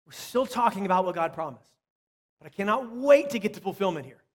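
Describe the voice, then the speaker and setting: A man preaching a sermon with emphasis, repeating key phrases and dropping to soft asides. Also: sits high, expressive, fairly quick, in a large hall. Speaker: pastor.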